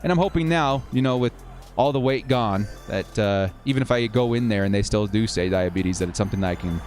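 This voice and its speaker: A man's voice: on the low side, brisk, darkish tone. A man hosting a live stream, casually calling simulated football plays and chatting with viewers between plays. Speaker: livestream host of football game simulations. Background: faint 1980s-style background music.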